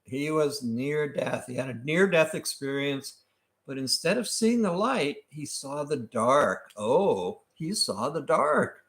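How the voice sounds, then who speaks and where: A man, the host's father, chatting on a casual livestream and telling a story deliberately. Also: a little high, very animated, creaky, fairly bright tone.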